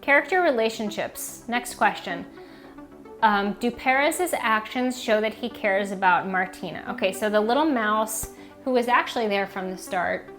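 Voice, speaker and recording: A woman's voice: mid-range voice, a bit bright. A woman reading teacher casually explaining a picture book, talking in a chatty way with lots of "um" and "like". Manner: chatty, many fillers like "um" and "like".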